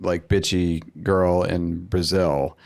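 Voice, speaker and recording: A man's voice: deep voice, level tone, slow, vocal fry, smooth. A man guesting on a comedy podcast, delivering dry, savage jokes in casual chat.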